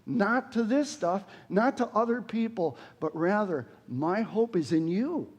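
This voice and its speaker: A man in his sixties preaching a sermon, earnest, rising sharply when quoting scripture and dropping low for emphasis. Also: animated, measured pace, husky, lo-fi sound. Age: 60s. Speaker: pastor.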